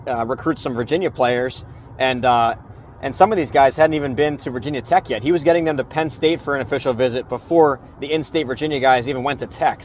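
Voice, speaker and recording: A man's voice: mid-range voice, a little hiss or hum. A man guest on a podcast, talking sports in a casual, earnest way with lots of fillers. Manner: earnest, many fillers and restarts. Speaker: podcast guest, preview writer.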